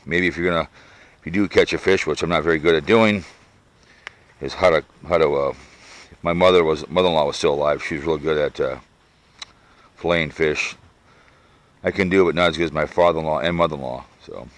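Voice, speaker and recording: Very deep-voiced man, rambling vlogger. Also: brisk, long pauses, a bit bright. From Minnesota. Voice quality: audible heavy breathing. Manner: rambling, easygoing, trails off with fillers. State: out of breath. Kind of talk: casual product review vlog. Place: outdoors in a backyard. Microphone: sunglasses camera mic.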